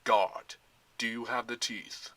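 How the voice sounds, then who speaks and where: A man's voice: medium pitch, steady tone, slow, fairly bright tone. A man voicing a tall, commanding, short-tempered general who growls and roars orders, in a storybook-style Lego fan film. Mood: cold menace.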